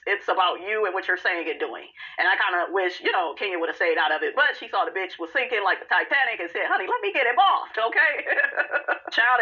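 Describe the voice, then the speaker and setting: A woman's voice: medium pitch, highs cut off. A woman hosting a podcast, giving sassy, blunt and profane commentary and calling her listeners honey and y'all. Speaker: podcast host recapping a reality show. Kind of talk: casual commentary.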